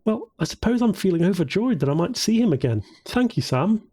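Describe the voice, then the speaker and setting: A male narrator voicing a cheerful, excitable young woman with a bright, bubbly way of talking. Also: high voice, a little fast, vocal fry, slightly rough, pitched above the performer's own voice, heavily acted.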